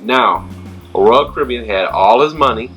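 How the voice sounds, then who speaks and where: A man's voice: medium pitch, expressive, normal speed, fairly bright tone, soft background music, low-quality recording. A man hosting a casual travel chat, talking loosely with many fillers and restarts. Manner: chatty, filler-heavy, restarts often. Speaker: host.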